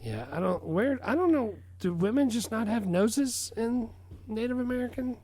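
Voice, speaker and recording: A man co-hosting a casual podcast chat, making wry, deadpan jokes. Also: very high-pitched, normal speed, dry recording. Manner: wry, jokey, deadpan asides. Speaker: podcast co-host.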